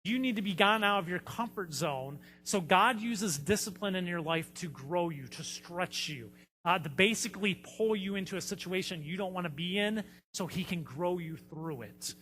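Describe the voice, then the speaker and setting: A man's voice: high voice, expressive, normal speed, sharp tone, in a large hall. A man preaching a sermon as a pastor, telling stories in a conversational way with frequent fillers. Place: church sanctuary.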